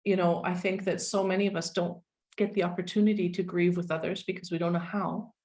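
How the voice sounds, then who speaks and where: A woman in her forties, a guest speaking candidly and wryly in a relaxed conversation. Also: lowish voice, a little fast. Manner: frank, wry, self-deprecating.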